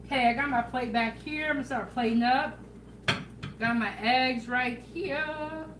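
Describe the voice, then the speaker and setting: A woman hosting a casual home cooking vlog, chatting in a relaxed way and talking straight to her viewers. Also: high-pitched, measured pace, noisy background. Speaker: home cooking show host. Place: home kitchen.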